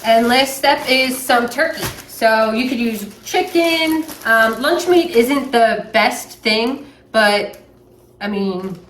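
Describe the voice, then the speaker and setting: A woman's voice: on the high side, expressive, slow pace, a bit bright, slight background noise. A young woman with a Southern US accent, chatting plainly while she makes a sandwich in her kitchen. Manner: chatty, plainspoken, with many fillers. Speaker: vlogger. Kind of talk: casual chat while making a sandwich. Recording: echoey room, mic at a distance.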